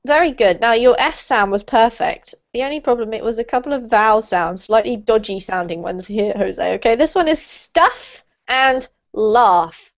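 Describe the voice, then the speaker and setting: A woman teaching a live online pronunciation class, praising students warmly and laughing often. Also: lively intonation, brisk, hardly any pauses. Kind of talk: live online group lesson. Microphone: video call. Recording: dull low-fidelity video call audio.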